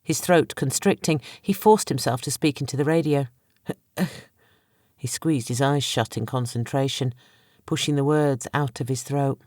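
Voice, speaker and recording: A woman narrating an audiobook in a dramatic, measured storytelling manner. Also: rumbling low, darkish tone, dry recording, studio quality. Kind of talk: scripted narration.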